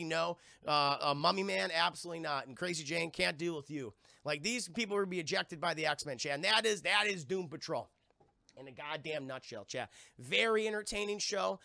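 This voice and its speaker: A man's voice: high-pitched, normal speed, gravelly, bright, forceful tone, dry recording, clean studio sound. A young man reviewing a TV episode on a live stream, rambling and swearing a lot and constantly talking to his chat. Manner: profane, rambling, keeps addressing chat.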